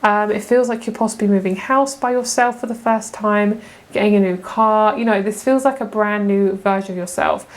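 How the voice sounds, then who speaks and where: A woman's voice: mid-range voice, steady tone, moderate pace. A young woman giving a casual tarot pick-a-card reading, chatty and gushing, often laughing. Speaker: tarot reader.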